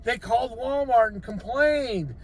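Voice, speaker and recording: An older man who drives for gig deliveries records a casual vlog from his vehicle, handing out blunt, exasperated advice and lecturing with rhetorical questions. His voice is very high, unhurried, with a breathy edge.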